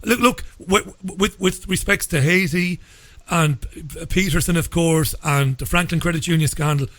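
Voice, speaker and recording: A man hosting a radio interview, speaking in a measured way and often repeating his first words. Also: a little high, fairly bright tone, no echo. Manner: measured, repeats words when starting a sentence. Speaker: radio show host.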